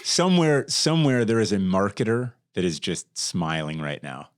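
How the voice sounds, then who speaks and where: A man hosting a podcast in relaxed chat, with a somewhat low voice. He ribs his guest and asks rambling questions full of restarts, calling him "bro". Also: normal speed. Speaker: podcast host. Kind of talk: casual interview chat.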